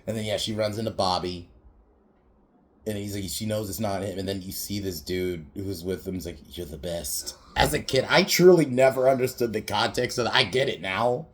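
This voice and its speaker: With a lowish voice and a fairly quick pace, this young man hosts a podcast and reviews a movie, rambling and cursing as he goes. He laughs a lot and drops into impressions of quoted lines.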